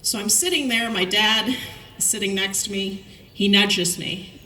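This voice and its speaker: A middle-aged woman delivers a commencement speech as lively storytelling. Her voice is bright and crisp, heard from some distance off the mic. It rings through an echoey hall over a faint wash of room noise. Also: medium pitch, measured pace. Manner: storytelling, lively anecdotes with quoted dialogue. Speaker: commencement speaker.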